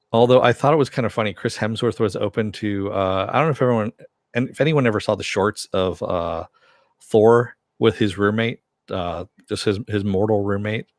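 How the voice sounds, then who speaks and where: A man's voice: on the low side, normal speed, no room sound, studio quality. A man hosting a casual live stream, reading viewer comments aloud and rambling with a self-deprecating chuckle.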